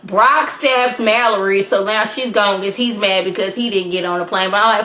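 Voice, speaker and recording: A woman's voice: medium pitch, moderate pace, few pauses, fairly bright tone. A woman recapping a TV episode in a casual vlog, chatty and full of slang and playful asides. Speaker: TV show reviewer.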